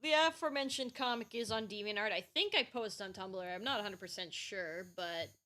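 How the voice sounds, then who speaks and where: Bright-voiced woman chatting on stream. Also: mid-range voice, a little fast. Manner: chatty, rambling, playful. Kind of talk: casual chat while drawing.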